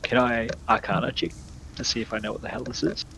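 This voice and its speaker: Young male player, gravelly voice, unsure questions, faint noise. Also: mid-range voice, steady tone, quick pace, pushed and bright, poor audio. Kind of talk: casual tabletop play.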